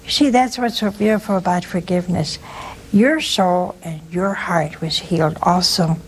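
A woman's voice: lowish voice, moderate pace, a little hiss or hum. A woman hosting a religious call-in show, preaching in a folksy, anecdotal, conversational way and telling stories. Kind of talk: spiritual talk and storytelling.

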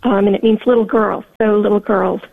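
Fifties woman caller, soft and reflective, on a tinny phone line. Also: mid-range voice, fairly even intonation, a little fast, vocal fry. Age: 50s. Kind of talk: call-in radio chat.

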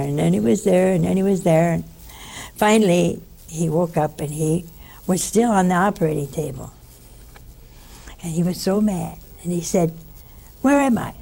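A woman giving a spiritual teaching in an easy, conversational way, breaking off to speak straight to her listeners. Her voice is gravelly and dark, with a husky edge. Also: fairly low pitch. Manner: lively storyteller with asides to listeners.

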